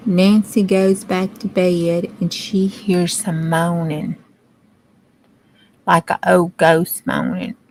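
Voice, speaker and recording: A woman's voice: fairly low pitch, big pitch swings, slow, vocal fry, no echo. A woman telling a folksy story in a dramatic, chatty way. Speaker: craft vlogger.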